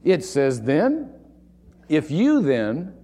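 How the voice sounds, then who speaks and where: A man's voice: on the high side, huge pitch swings, extremely slow, mellow, long reverb tail. A man preaching a sermon as pastor, stressing and repeating key words for emphasis, recorded in a church. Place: church sanctuary.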